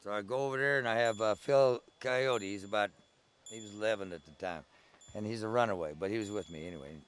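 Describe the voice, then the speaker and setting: Talking fast in a fairly low, clean-toned voice, an older man rambles through memories of his early days at the gathering. He tells it conversationally, oral-history style, and often digresses.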